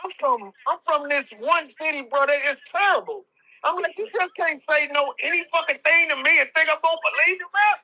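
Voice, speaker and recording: High bright guy on a live stream, swearing, slangy, says things twice. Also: brisk, low-quality recording. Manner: slangy, profane, repeats phrases. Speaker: guest. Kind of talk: casual live-stream chat.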